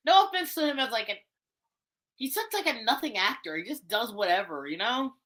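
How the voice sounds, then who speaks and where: A woman in casual chat about voice casting, blunt and profane, talking with animated energy. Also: on the high side, fairly quick. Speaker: podcast co-host.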